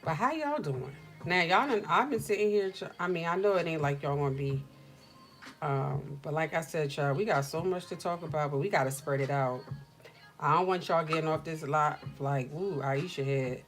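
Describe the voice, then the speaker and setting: A middle-aged woman hosting a casual livestream chat from home, telling stories in an animated, slangy way. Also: low voice, normal speed, faint music behind. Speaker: livestream host.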